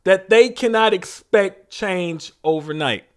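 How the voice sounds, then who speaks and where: A man's voice: high voice, takes it slowly, clean tone. A man delivering an impassioned, preaching monologue as a show host, repeating lines for emphasis.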